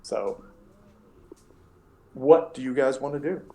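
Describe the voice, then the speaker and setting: A man's voice: mid-range voice, slow, warm tone. A young man narrating as dungeon master, rambling with many restarts. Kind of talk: narrating a tabletop game.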